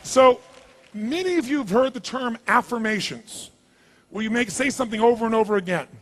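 High, commanding man leading a crowd. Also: fairly quick. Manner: commanding, drives the crowd with repeated shouted phrases. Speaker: motivational speaker. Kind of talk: live seminar address leading audience chants. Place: large hall at a live event.

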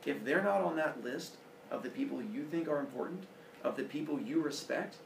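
A man's voice: on the high side, moderate pace, creaky, reverberant, a little hiss or hum. A man in his forties giving an earnest, personal motivational talk to students, heard from a distance in a large room. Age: 40s. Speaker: school speaker.

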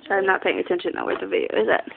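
A woman's voice: medium pitch, wildly swooping pitch, rapid-fire, gravelly, narrow, tinny audio. A woman filming at home and talking to her small children in a coaxing, sing-song baby-talk voice. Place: family home. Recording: noisy home video.

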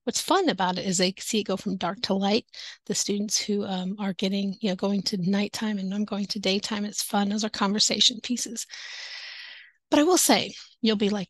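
A woman's voice: medium pitch, steady tone, moderate pace, no echo. A woman teaching online, giving casual tips to other teachers in an upbeat, chatty way, speaking into a headset. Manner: upbeat, chatty, laughs often. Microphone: headset with headphones.

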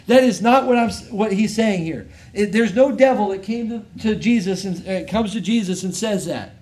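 An American man preaching a sermon as pastor, emphatic, swinging between loud and quiet, and reading scripture in a measured cadence. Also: high-pitched. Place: church service.

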